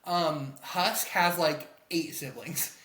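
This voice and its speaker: A woman's voice: deep voice, slow pace, a bit bright. A woman co-hosting a podcast, giving short reactions and adding fan knowledge in casual chat. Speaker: podcast co-host. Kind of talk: casual comic recap chat. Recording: echoey room.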